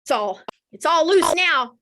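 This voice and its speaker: A woman speaks to an audience as a team leader. Her voice sits fairly high, and she tells her story with open feeling and lively swings of tone. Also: slow pace. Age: 40s. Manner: warm, emotional, animated storyteller. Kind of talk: heartfelt casual talk to an audience.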